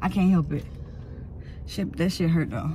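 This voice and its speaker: Casting: young woman, low-pitched for her age, blunt and profane, casual phone vlog with noise behind. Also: moderate pace, dark tone. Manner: blunt, cusses freely, groans in pain. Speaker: vlogger. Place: car, then indoors at home. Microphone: phone camera. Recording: noisy phone recording.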